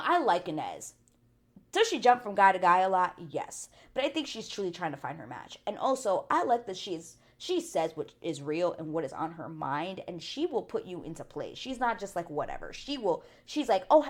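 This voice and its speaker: A woman hosts a casual TV recap vlog, chatting bluntly and peppering her talk with "like" and swearing. Her voice is lowish and sing-song, at normal speed.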